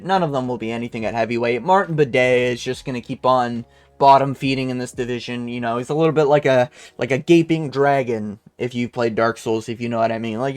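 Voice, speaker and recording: A man's voice: mid-range voice, dry recording. A young man from Canada ranting casually and bluntly about fight results, crude and rambling with lots of fillers. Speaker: MMA commentator reviewing fight results. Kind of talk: casual profane rant.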